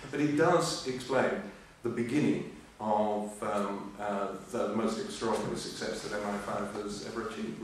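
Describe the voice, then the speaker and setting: An older man giving a history lecture, full of ums and uhs, with dry humour. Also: fairly low pitch. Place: lecture hall. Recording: echoey hall, voice from far off, faint hiss.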